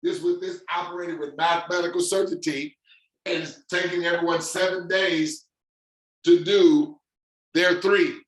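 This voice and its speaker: Man, high-pitched, excited emphatic pitch, echoey room. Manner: fired-up, emphatic, drawn-out stresses. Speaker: presenter of an online income demonstration.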